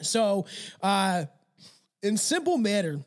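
A man's voice: high-pitched, big pitch swings, slow pace. A man hosting a casual podcast, reading passages aloud and stumbling over long words, with a loose and profane way of talking. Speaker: podcast host.

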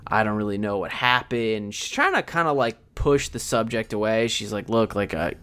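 A man's voice: on the low side, very animated, fairly bright tone, smooth. Man casually recapping a movie plot. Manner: rambling plot recap with quick voiced quotes. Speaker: podcast co-host. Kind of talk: casual movie review chat.

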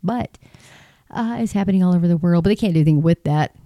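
A woman's voice: on the low side, fast talker, no echo, muffled recording. A woman, vlogging in a rambling, emphatic monologue about what worries her. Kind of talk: casual opinion monologue.

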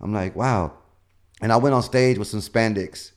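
A male comedian, appearing as an interview guest, tells long, profane stories in a casual, rambling style. His voice is fairly low and his pace moderate.

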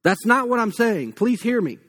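A pastor delivers a sermon in an easygoing, conversational tone, full of casual asides. His voice sits high for a man. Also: big pitch swings, normal speed, a bit bright. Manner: conversational, folksy preaching with asides.

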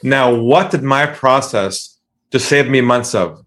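A man's voice: mid-range voice, slow. Man telling sales stories with acted-out calls. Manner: animated, acts out calls in excited voices. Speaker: sales trainer guest. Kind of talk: storytelling interview.

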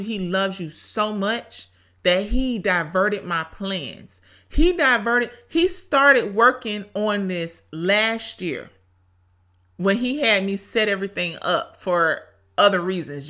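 Bright-voiced woman preaching casually. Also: medium pitch. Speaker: podcast host. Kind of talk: faith-based solo podcast talk. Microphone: home podcast mic.

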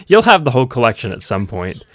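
A man's voice: mid-range voice, no room sound. Man, casual chat, anecdotes, profanity, self-mocking laughter, dry recording. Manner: storytelling, swears when frustrated, laughs at himself.

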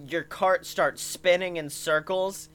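A comedian telling a rambling comic story, animated, full of "like" and swearing. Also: mid-range voice, slow, smooth, soft background music. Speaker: podcast comedian.

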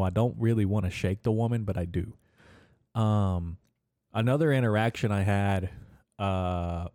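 A man's voice: fairly low pitch, dark tone, no room sound, studio quality. A young man hosting a podcast, telling rambling stories about shopping trips and swearing a lot as he gets worked up. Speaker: podcast host. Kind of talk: casual storytelling rant.

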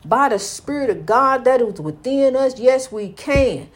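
A high-pitched, animated woman preaches at an unhurried pace. Her inspirational monologue is fervent and repetitive, and she keeps calling the listener "honey."

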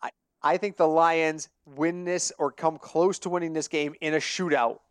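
A man's voice: a little high, steady tone, moderate pace, clear, resonant tone, no room sound, clean studio sound. A man co-hosting a casual sports betting podcast, telling stories animatedly and laughing at his own jokes. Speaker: podcast co-host.

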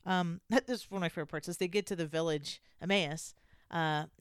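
A woman giving a casual scripture lesson in a conversational, halting way with many restarts. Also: lowish voice, clean tone, no room sound, studio quality. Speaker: scripture teacher.

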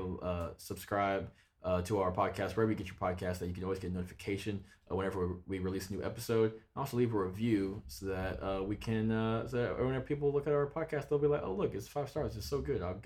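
A young man co-hosting a casual podcast, talking in a laid-back way and laughing often. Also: fairly low pitch. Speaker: podcast co-host. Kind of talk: casual chat.

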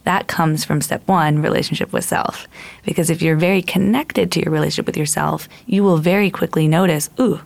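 Low, gravelly woman explaining step by step. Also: steady tone, brisk, no room sound. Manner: earnest, explains in numbered steps, acts out inner voices. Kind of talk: casual advice talk.

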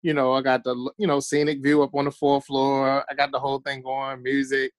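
A man's voice: medium pitch, completely flat delivery, fairly quick, no room sound. A man, a podcast guest telling loose stories in casual chat and acting out what people said. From Baltimore. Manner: loose storytelling, acts out quotes.

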